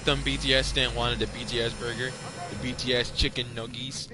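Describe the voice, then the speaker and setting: A man hosting a podcast, telling a story in casual, animated talk, swearing a lot and repeating himself. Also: mid-range voice, brisk, very noisy. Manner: animated, profane storytelling with frequent repetitions. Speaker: podcast host. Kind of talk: casual chat.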